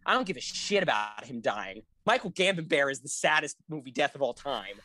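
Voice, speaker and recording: A woman co-hosting a podcast in casual chat, gushing and excitable, often laughing and swearing. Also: rumbling low, fairly quick, a little hiss or hum. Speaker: podcast co-host.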